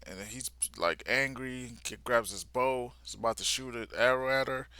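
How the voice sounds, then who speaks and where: A man's voice: medium pitch, moderate pace, pushed and bright, clear, resonant tone, dry recording. A man giving a live reaction to a comic, retelling it in casual slang and sometimes sinking to a near-whisper. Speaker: vlogger reacting live to a manga.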